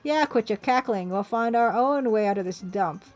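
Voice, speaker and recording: A woman's voice: fairly high pitch, moderate pace, darkish tone, faint music behind, close to an everyday voice. A woman voicing a brash, wisecracking male adventurer hero with sarcastic, impatient lines from a computer game.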